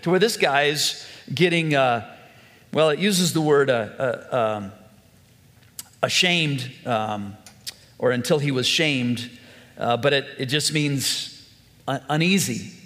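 Earnest preacher in an echoing hall. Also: male voice, medium pitch, takes it slowly, long pauses, a bit bright. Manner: earnest, conversational preaching with rhetorical questions. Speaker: pastor. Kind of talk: sermon.

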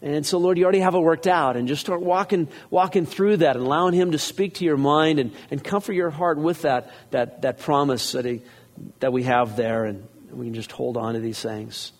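Male pastor, slightly higher-pitched voice, reads scripture with lifting emphasis and leads congregation prayer in a church sanctuary. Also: brisk, big-room sound. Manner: reads scripture aloud with rising emphasis, then prays softly. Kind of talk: sermon.

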